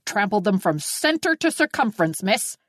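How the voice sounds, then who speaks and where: A woman's voice: mid-range voice, very animated, moderate pace, a bit bright, no room sound, studio quality. A woman voicing a blustering, irate farmer. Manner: sputtering, scolding, old-fashioned exclamations. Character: irate middle-aged male farmer, blustering and indignant. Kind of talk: audiobook character reading.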